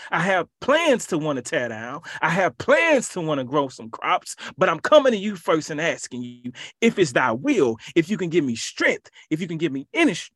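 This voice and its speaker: Emphatic preacher man, lively pitch. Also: no room sound, studio quality. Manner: emphatic, repetitive preaching with rhetorical questions. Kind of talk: sermon.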